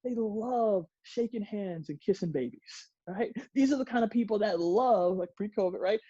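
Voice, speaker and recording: Workshop presenter, playful, mellow dark voice, dry dull recording. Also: mid-range voice, normal speed, breathy edge, no room sound. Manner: playful, acts out examples, laughs often. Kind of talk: presentation to a group.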